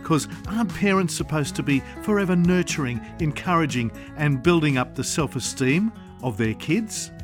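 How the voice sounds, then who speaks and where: A man hosting a radio podcast interview, asking lively, probing questions. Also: fairly high pitch, moderate pace, few pauses, music in the background. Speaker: podcast host.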